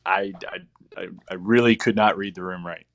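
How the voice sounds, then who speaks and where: A man's voice: low-pitched, moderate pace. A man co-hosting a live painting stream, easygoing and joking, sounding tired. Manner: easygoing, joking, relaxed drawl. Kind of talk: casual live-stream chat.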